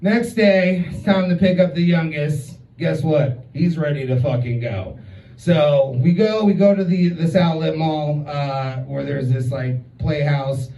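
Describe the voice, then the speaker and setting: A man's voice: on the high side, measured pace, mellow. A man in his thirties telling a story as a stand-up comedian, profane and chatty with many filler words. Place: comedy club stage. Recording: roomy, distant, muffled club recording.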